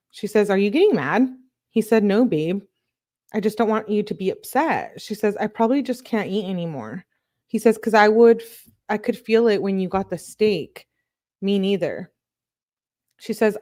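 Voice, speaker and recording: A woman's voice: medium pitch, darkish tone. A woman reading text messages aloud in a casual way, breaking off for asides and disgusted reactions. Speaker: true crime commentator.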